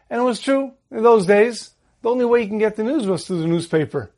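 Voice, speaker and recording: A man giving a holiday Torah talk, telling a story in a calm way and slowing down on the Hebrew verses. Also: high voice.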